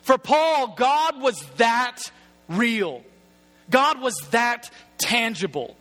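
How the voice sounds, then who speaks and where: A man delivers a sermon in a strikingly high, sharp-edged voice. He talks casually and with humor, as if chatting with the congregation. Key points come back as emphatic, repeated phrases. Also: expressive, drawn-out words, soft background music. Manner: casual, humorous, conversational preaching. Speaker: preacher.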